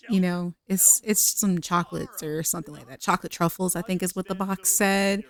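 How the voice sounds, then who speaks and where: A woman's voice: lowish voice, steady tone, brisk, few pauses. A young woman giving chatty, giggly let's-play commentary on a life-simulation game. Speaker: gaming content creator.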